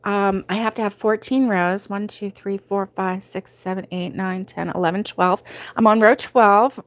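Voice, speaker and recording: A woman's voice: medium pitch, steady tone, unhurried. A middle-aged woman hosting a live crochet stream, chatting casually, laughing often and reading out viewer comments.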